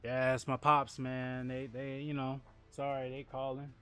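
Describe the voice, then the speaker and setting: A man's voice: mid-range voice, measured pace, soft background music. Rambling man. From New Orleans, Louisiana. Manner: rambling, repeats and restarts words; animated storytelling with laughs. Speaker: game streamer. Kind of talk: casual livestream chat.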